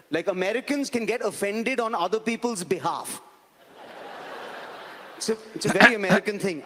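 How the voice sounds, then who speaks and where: A man's voice: high-pitched, fairly bright tone. A man with an Indian accent from India, performing a stand-up comedy set in a large live venue with a wry, ironic delivery. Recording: reverberant hall with live audience and noise.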